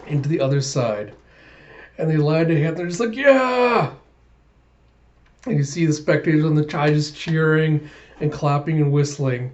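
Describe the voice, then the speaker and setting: A man's voice: a little high, dark tone, highs cut off. A young man hosting a podcast, chatting and giggling as he recaps a manga chapter. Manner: chatty, giggly, retells scenes with quoted voices. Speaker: podcast host.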